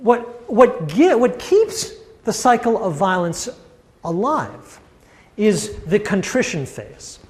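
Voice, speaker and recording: A man giving a university lecture in a classroom, animated and acting out the quoted voices. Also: sits high, slow, long reverb tail. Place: lecture hall.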